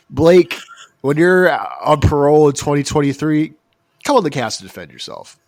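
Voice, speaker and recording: A man's voice: a little high, sing-song, unhurried, vocal fry, darkish tone, no echo, clean studio sound. A man from the United States telling a true crime story in casual, joking podcast chat. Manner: joking, rambling, mocking asides. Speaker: podcast co-host.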